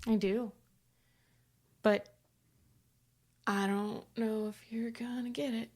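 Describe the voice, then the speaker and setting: A woman's voice: on the high side, steady tone, slow pace, a little mellow. Woman reading trivia clues on a podcast. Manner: joking, swears casually while reading clues. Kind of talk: casual podcast chat.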